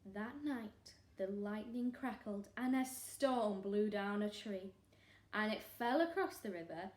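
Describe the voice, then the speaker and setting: Expressive woman teacher reading aloud. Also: mid-range voice, takes it slowly, slight background noise. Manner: expressive, animated. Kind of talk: storybook read-aloud for children. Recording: roomy echo.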